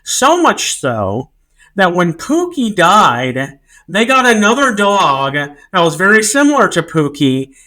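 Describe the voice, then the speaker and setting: Bright, animated male podcast host. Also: sits high. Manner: animated, quick to chime in with jokes. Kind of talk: casual chat.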